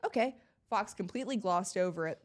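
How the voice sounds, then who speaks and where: A woman's voice: medium pitch, brisk. A young woman from Florida, a podcast guest, telling stories in casual chat, acting out quoted lines and laughing often. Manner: animated, acts out quoted dialogue, laughs often. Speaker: podcast guest, reality TV contestant.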